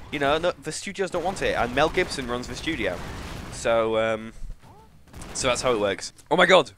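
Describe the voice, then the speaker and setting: A man with an English accent giving joking, excitable commentary while playing a video game. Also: mid-range voice, slight background noise. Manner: excitable, joking, self-mocking. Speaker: gaming YouTuber. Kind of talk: let's play commentary.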